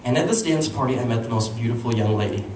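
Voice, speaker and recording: A man's voice: mid-range voice, expressive, quick pace, darkish tone. A young man doing a stand-up comedy routine, telling a self-deprecating dating story and acting out quotes with playful jumps in his voice. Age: young adult. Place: small venue with audience. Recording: echoey room, distant mic, audience noise.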